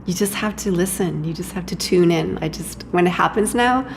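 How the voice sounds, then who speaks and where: Woman, low voice, interview guest, hesitant, lots of fillers and restarts, conversational. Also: a little fast, creaky, a little hiss or hum. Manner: hesitant, many fillers and restarts, laughs often.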